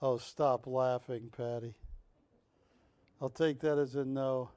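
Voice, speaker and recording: A man hosting a live shopping channel, pitching art with jokey, teasing sales patter from a television studio. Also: steady tone, slow pace, mellow, clear, resonant tone, no room sound.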